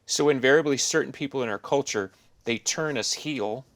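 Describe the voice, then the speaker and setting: A man's voice: mid-range voice, normal speed, fairly bright tone, dry recording. A middle-aged man hosting a podcast, talking in a thoughtful, rambling, musing way. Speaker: podcast host. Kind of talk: casual interview chat.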